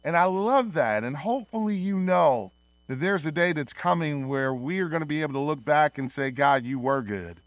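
An earnest man in his thirties preaches to his church, slowing down to press home key phrases. His voice sits fairly high for a man. The sound is dry and close, with little room around it. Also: lively intonation, no room sound. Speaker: pastor. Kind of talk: sermon. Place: church sanctuary.

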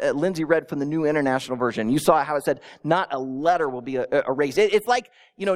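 A pastor preaching a sermon, telling it with animated storytelling and acting out imagined listeners, with small stammers. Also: mid-range voice. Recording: long reverb in a large hall.

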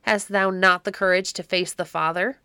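A woman's voice: on the low side, moderate pace, a bit bright, smooth, dry recording, clean studio sound. A woman reading as a stern proud knight. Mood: defiant. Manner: solemn old-fashioned speech, bold challenges. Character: stern middle-aged male knight, grim and proud.

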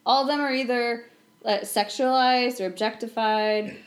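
A woman co-hosting a casual movie podcast, giving thoughtful, measured analysis. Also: on the high side, fairly even intonation. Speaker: podcast co-host.

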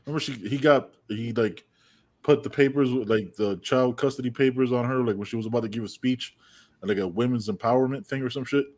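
Podcast co-host from the United States, rambling and profane. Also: male voice, mid-range voice, a little fast, darkish tone. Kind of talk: casual sports chat.

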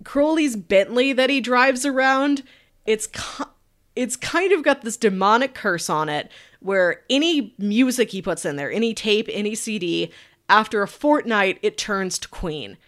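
A woman podcast co-host casually recapping a TV show, chatty and animated, laughing often. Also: medium pitch, measured pace.

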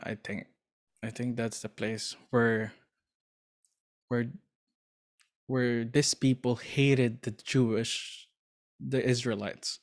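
A man talks in an unhurried, drawn-out way, earnest and enthusiastic as he retells a story. He often stops mid-phrase to hunt for the right word, in a mid-pitched, ordinary voice. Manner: hesitant, searching for words. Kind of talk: casual chat.

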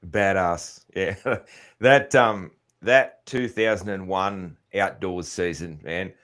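A man hosting a podcast, chatting with his guest in an easygoing, halting way. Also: deep voice, fairly bright tone. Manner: easygoing, friendly, halting with fillers. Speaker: podcast host. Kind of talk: casual interview chat.

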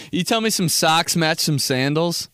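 A man's voice: a little high, pushed and bright, clear, resonant tone. A young man hosting his own podcast and riffing casually from a studio. He rambles between jokes, laughs a lot and throws in dude and bro. The room is dry, with no echo. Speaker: podcast host. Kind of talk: casual comedic monologue.

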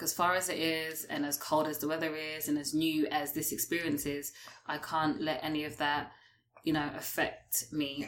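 A British woman who is a podcast guest, telling a lively story with frequent laughter. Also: deep voice, a little hiss or hum. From United Kingdom. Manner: lively, laughs often while telling stories. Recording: roomy echo.

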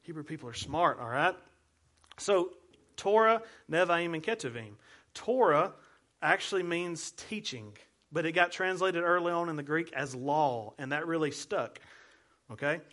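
A man's voice: fairly high pitch, lively intonation, measured pace, a bit bright. A man, a pastor giving a playful teaching sermon, walking listeners through memory cues. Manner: playful, explains with hand gestures and repeated cues.

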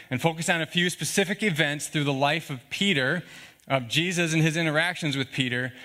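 A man's voice: fairly high pitch, bright, forceful tone. A man preaching a sermon in an earnest, conversational way, often checking in with the congregation with asides like "okay?" and "all right?". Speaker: pastor.

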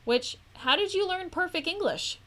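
A woman's voice: very high-pitched, lively intonation, normal speed, fairly bright tone. A woman co-hosting a podcast, chatting casually and bluntly about a movie with frequent swearing. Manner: blunt, profane. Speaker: podcast co-host.

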